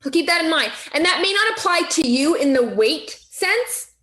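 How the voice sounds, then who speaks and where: A woman's voice: very high voice, very animated, normal speed, bright, forceful tone, reverberant. A woman leading a weight-loss coaching session, encouraging and asking the group direct questions. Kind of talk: motivational group talk.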